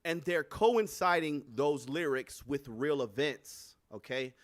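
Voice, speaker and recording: A man talks to his livestream audience in loose, salty commentary, and his voice sits a little high for a man. He gets animated and cracks up often. The sound is dry and close, with no room around it. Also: slow pace, dry recording. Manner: animated, profane, bursts into laughter. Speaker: livestream host.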